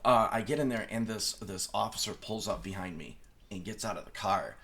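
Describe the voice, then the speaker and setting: A man's voice: lowish voice, a little fast, creaky, fairly bright tone. A man being interviewed as a guest illusionist, telling rambling anecdotes with lots of restarts and laughter. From United States. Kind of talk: casual interview storytelling.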